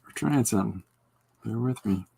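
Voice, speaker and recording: A man's voice: lowish voice, moderate pace, vocal fry, warm tone, breathy edge. A man hosting a podcast livestream, chatting casually and joking with viewers while he draws. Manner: rambling, joking, reacting to chat. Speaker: podcast host.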